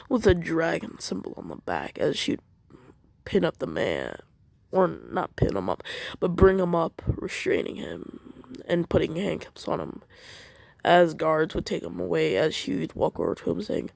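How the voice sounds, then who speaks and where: A man's voice: on the high side, wildly swooping pitch, unhurried, vocal fry, pauses often, a little mellow, no echo. A man improvising a fan story, rambling and hesitant, correcting himself as he goes and jumping between voices. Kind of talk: improvised fan fiction narration.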